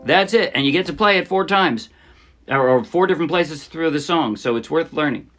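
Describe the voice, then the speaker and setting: A man teaching a ukulele arrangement in a relaxed, chatty tutorial style. He explains each step and often checks in with the viewer. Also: a little high, normal speed, loud music behind the voice. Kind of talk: casual music tutorial. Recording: loud ukulele playing under the speech. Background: his own ukulele playing under the voice.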